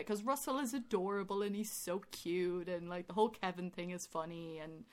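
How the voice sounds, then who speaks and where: A woman's voice: fairly low pitch, a little fast. A woman co-hosting a casual podcast chat, telling stories animatedly and swearing freely. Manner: animated storytelling, swearing, rising into loud excitement. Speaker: podcast co-host.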